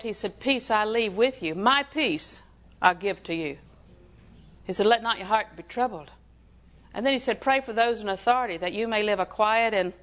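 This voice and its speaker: A woman's voice: medium pitch, a bit bright. A woman preaching a sermon in a folksy, emphatic way, often putting questions to her listeners.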